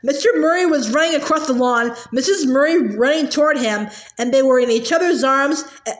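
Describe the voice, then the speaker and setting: A woman's voice: high voice, fairly quick. A woman reading a novel aloud earnestly, with stumbles and repeats. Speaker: audiobook reader. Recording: roomy echo.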